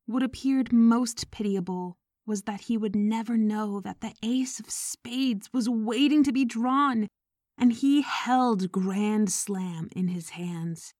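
A woman reading a short story aloud, slow and soft, sometimes sinking into a whisper. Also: a little high, no echo, studio quality. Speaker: narrator. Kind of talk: audiobook narration.

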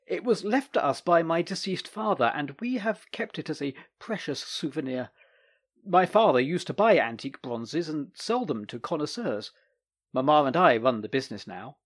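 A man voicing an earnest young son who speaks in halting, repetitive phrases. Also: a little high, very animated. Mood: insistent.

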